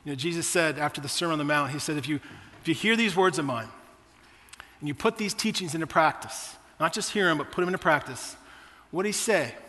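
A man's voice: fairly high pitch, expressive, quick pace, bright, forceful tone, big-room sound. A man in his forties preaching a sermon, telling personal stories in a conversational way to his church. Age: 40s. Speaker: pastor.

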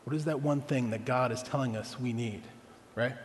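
A man's voice: mid-range voice, normal speed, big-room sound. A man preaching a sermon as pastor, conversational, asking the congregation rhetorical questions.

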